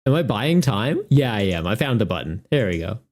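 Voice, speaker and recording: Chatty man streaming, lively pitch. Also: brisk, heavy background noise. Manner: chatty, laughs often, jumps into high joking voices. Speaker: streamer and tournament organizer. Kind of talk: casual live-stream chat.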